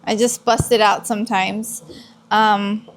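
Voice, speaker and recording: A woman's voice: medium pitch, little pitch movement, takes it slowly, slight background noise. A woman in her thirties chatting casually to a phone camera at home, laughing often and teasing playfully. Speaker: vlogger. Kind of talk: casual family vlog. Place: family home.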